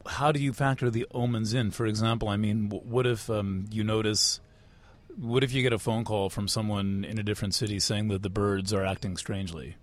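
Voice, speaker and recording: A man's voice: fairly low pitch, steady tone, a little fast. A man interviewing a guest, asking probing and lightly teasing questions, often restarting his sentences. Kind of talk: conversational interview.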